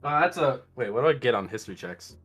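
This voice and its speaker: A man's voice: medium pitch, animated, quick pace, fairly bright tone, slightly rough, soft background music. A man playing at a tabletop game, chatting casually with blunt, profane remarks. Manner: blunt, swearing. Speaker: player.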